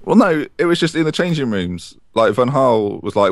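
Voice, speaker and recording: Podcast co-host, low lively voice, dry close sound, jokey rambling chat. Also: male voice, brisk, hardly any pauses, no echo. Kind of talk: casual football chat.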